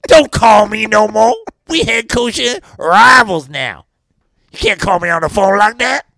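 Here a man mimics a brash Cajun football coach in a comedic mock interview, his voice gravelly, raspy and on the high side. Animated and exaggerated, he talks at normal speed, boasting and rambling before bursting into shouts, with no echo.

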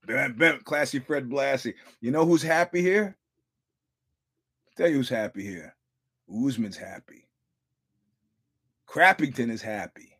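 A man's voice: medium pitch, lively intonation, measured pace, creaky, pauses often, a bit bright, slightly rough. A male podcast host giving casual fight commentary. He tells profane stories, acts out quotes, repeats and restarts his words, and chuckles often.

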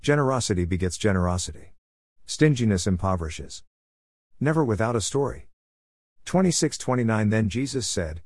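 A man reads scripture aloud with a measured, steady delivery, calling out verse numbers between passages. His voice sits fairly low, and the recording is dry and close with no room sound. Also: dry recording. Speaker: Bible reader. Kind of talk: scripted Bible reading.

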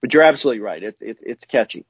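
Guy co-hosting a podcast, chatty and rambly, bit husky, dry dull sound. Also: racing, no room sound. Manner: chatty, rambling, lively pitch swings. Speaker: podcast co-host. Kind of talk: casual chat.

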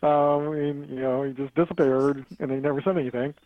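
A man's voice: fairly high pitch, level tone, fairly quick, no room sound. A man, a podcast guest, telling a personal story in a casual way, often stumbling, repeating words and chuckling as he goes. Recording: dull lo-fi audio.

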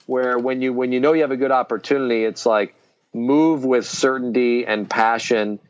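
A man's voice: medium pitch, steady tone, moderate pace, smooth. Rambling man with a dull-sounding mic. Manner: rambling, many fillers and restarts. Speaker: podcast co-host. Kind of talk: casual business chat.

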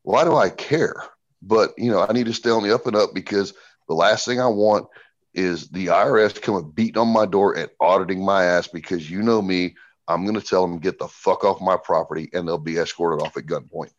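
A middle-aged man talking bluntly and profanely as a podcast guest, telling animated stories. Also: low voice, brisk, dull audio. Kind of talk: casual podcast conversation.

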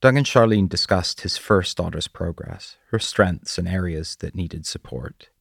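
A man narrating a story in a measured, quiet way. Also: deep voice, vocal fry, slightly rough, no echo, clean studio sound. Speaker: audiobook narrator. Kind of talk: scripted narration.

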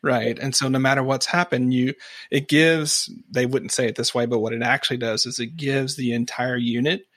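A man hosting a podcast, chatting in an animated way and acting out quoted remarks. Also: medium pitch, normal speed, dry recording, studio quality. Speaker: podcast host. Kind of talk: conversational podcast interview.

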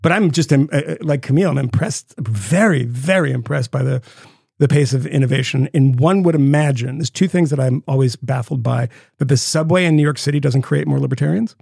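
A man co-hosting a podcast, telling stories in a rambling, profane, animated way. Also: medium pitch, a little fast, gravelly, slightly rough, no echo, studio quality. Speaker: podcast co-host. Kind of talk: casual chat.

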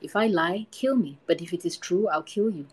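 A woman's voice: lowish voice, normal speed, husky, poor audio. A woman voicing a murderous old man in the woods in a folktale reading, insistent and pressing as she reads his lines.

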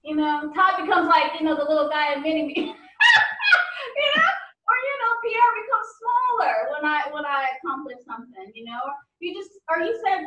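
A woman guest on a podcast interview, talking in a casual, animated way and laughing often. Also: high voice, a little fast, reverberant, far from the mic, noisy background.

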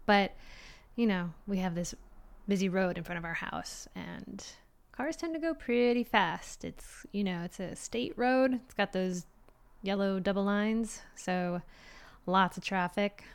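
A middle-aged woman talks to camera in an easygoing, reflective way. Her speech rambles along with plenty of fillers, and she sometimes sinks into a hushed whisper. Her voice sits at an ordinary pitch for a woman. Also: animated, a little slow, clean tone. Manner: rambling, chatty, many fillers; drops to a soft whisper at times. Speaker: vlogger. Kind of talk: casual reflective monologue.

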